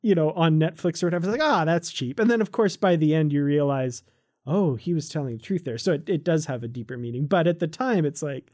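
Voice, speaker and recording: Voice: mid-range voice, animated, fast talker, mellow. A podcast co-host in casual, enthusiastic chat, recapping a comic and laughing often.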